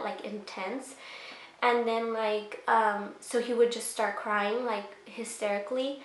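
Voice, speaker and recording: A woman's voice: fairly high pitch, echoey room. A young woman vlogger telling a personal story in a casual, rambling way, full of fillers. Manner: rambling, many fillers, emotional retelling.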